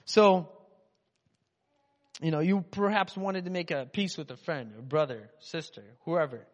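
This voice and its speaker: A man's voice: a little high, a little slow. A man from Russia giving a casual, chatty sermon in a rambling, conversational way. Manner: chatty, rambling, acts out inner voices. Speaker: preacher. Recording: dull sound with long hall reverb.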